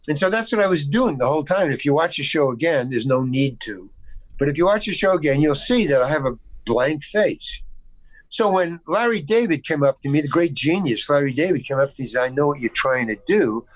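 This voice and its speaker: Guest actor, male, from the States, video call, higher voice, dry sound, stammering storyteller. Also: lively intonation, fairly quick, no echo, poor audio. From United States. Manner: rambling, with frequent restarts and stammers; acts out quoted dialogue in the story. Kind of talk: casual anecdote storytelling.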